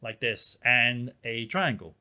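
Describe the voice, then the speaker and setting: A man co-hosts a podcast from a small town in Spain, speaking slowly in a mid-range voice. It's casual chat, and he tells rambling, animated stories packed with fillers.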